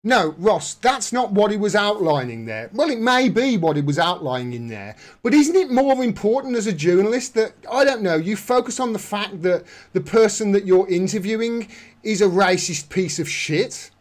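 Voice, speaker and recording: A man's voice: sits high, very animated, moderate pace. A man giving casual political commentary on a vlog in an indignant, sarcastic way. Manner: indignant, sarcastic, rising to outbursts. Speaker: commentary vlogger.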